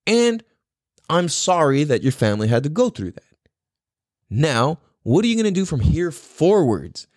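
Animated, swearing podcast host man. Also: fairly high pitch, no echo, clean studio sound. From United States. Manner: profane, animated, laughs often. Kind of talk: casual podcast rant.

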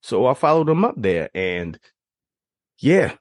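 A man telling stories on his podcast with a husky, breathy grain. His pitch swings widely as he slips into the people he describes. The recording is dry, with no room around it. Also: measured pace, no echo. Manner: animated, laughs through the telling. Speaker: podcast host. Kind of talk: casual storytelling.

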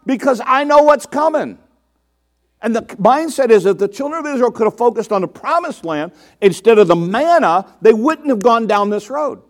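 A man with a high, light voice preaches a sermon in an easy, conversational way. He asks his listeners questions and answers them himself, and he mimics the complaints of the people he quotes. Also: lively intonation, normal speed. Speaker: pastor.

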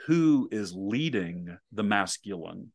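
A man hosting an interview, speaking in a measured and earnest way about faith and family. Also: lowish voice, lively intonation, no room sound, clean studio sound. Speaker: interview host. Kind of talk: reflective faith interview talk.

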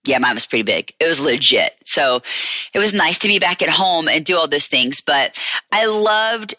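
A woman's voice: sits low, lively intonation, moderate pace, pushed and bright, no echo. A woman from the American South with a Southern accent, hosting a podcast in a casual, rambling chat full of fillers. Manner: chatty, rambling, many fillers. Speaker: podcast host.

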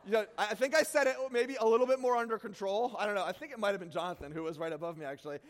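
Man, pastor, sermon storytelling, high voice, sudden shouts, long hall echo. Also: very fast. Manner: animated, self-deprecating, bursts into shouts.

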